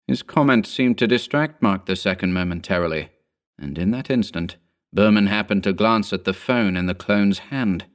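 Low-voiced male story narrator. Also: normal speed. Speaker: narrator and author.

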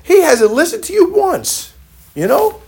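A man's voice: extremely high pitch, huge pitch swings, unhurried, creaky, warm tone, pitched above the performer's own voice, full character voice. A man putting on an indignant elder brother. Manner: complaining, self-righteous.

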